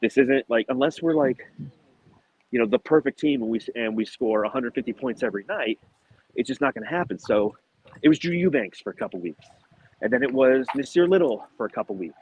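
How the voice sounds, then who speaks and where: A man's voice: mid-range voice, lively intonation, brisk, darkish tone, slight background noise, rough recording. Winded male sports podcast host. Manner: rambling, analytical basketball talk with fillers. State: out of breath. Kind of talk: casual sports podcast chat. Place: outdoors, walking and climbing stairs.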